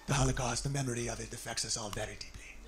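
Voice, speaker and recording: A man doing a hushed, grave woman friend. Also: medium pitch, steady tone, very fast, pitched below the performer's own voice, lightly acted. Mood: solemn. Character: solemn young woman friend, soft and grave.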